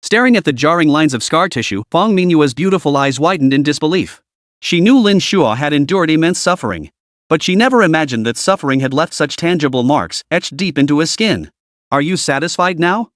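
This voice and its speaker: A man narrates a comic recap with dramatic storytelling, his pitch moving lively and sitting a little high. The sound is dry and close with no room in it. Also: brisk, dry recording.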